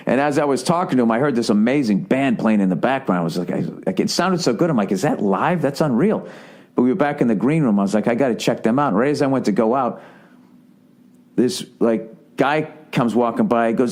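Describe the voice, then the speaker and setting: A man's voice: medium pitch, a little fast, a little mellow. A man in his late forties with a Boston accent, telling a story in a rambling, profane way on his podcast. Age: 40s. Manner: rambling, profane, self-interrupting. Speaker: podcast host. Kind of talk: casual storytelling monologue.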